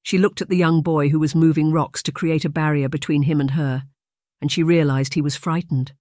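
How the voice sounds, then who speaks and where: An audiobook narrator reads in an even, measured way, with a voice of middle pitch. The sound is dry and close, with no room around it. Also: no echo. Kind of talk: scripted narration.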